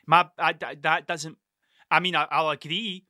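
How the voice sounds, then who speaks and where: A Scottish man in his thirties with an Ayrshire accent tells a long, digressive story full of swearing and restarts. His voice sits fairly high and sounds bright and edgy. The recording is close and dry, with no room sound. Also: fairly even intonation, a little slow, dry recording. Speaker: podcast host. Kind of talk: rambling solo storytelling.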